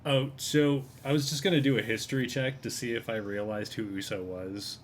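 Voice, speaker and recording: A man's voice: medium pitch, fairly even intonation, normal speed, slight background noise. A man playing in a tabletop game, talking casually and a little hesitantly. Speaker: player.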